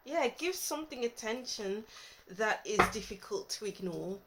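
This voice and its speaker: A woman's voice: a little high, expressive, moderate pace, very noisy. A woman giving a casual tarot reading, thinking aloud and musing as she lays out cards. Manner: thinking aloud, musing, trailing off mid-thought. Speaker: tarot reader.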